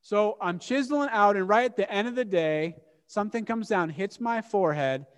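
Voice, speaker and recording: High-voiced man preaching in a reverberant hall. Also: normal speed. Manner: animated, self-mocking storytelling. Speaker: pastor. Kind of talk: storytelling sermon.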